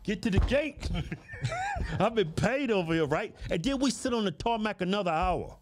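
A man's voice: high-pitched, moderate pace, noisy background. A man co-hosting a casual talk show, telling a story with lots of laughter and swearing. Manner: animated, laughing, profane storyteller. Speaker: co-host.

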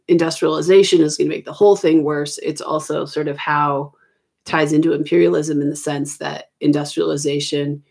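A woman's voice: sits low, a little mellow. Woman teaching history at home, casual and rambling. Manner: casual, rambling explanation with many ums and self-corrections. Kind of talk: recorded exam review lesson. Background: children arguing in the background.

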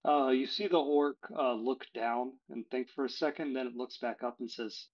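A man narrating a tabletop game as game master, relaxed and full of fillers, now and then correcting himself. His pitch is middling, and the audio is dull and lo-fi, like a home stream. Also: moderate pace, hardly any pauses.

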